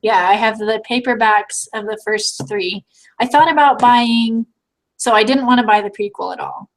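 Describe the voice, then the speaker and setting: A woman co-hosting a casual book chat, relaxed and trailing off mid-thought. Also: on the high side, moderate pace, poor audio.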